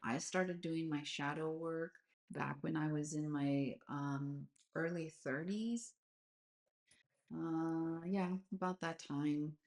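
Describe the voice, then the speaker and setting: A woman in her forties talks candidly on a live video call, her voice sitting low. She rambles along with plenty of filler words and drifts from one thought to the next in a loose, chatty way. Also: fairly even intonation, slow pace, darkish tone. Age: 40s. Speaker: host of a live astrology session. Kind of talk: casual live-stream chat.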